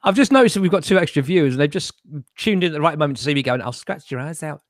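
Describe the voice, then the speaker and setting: A man's voice: a little high, animated, very fast, slight background noise. A man co-hosting a casual live-stream chat, joking, swearing freely and laughing often. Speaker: co-host.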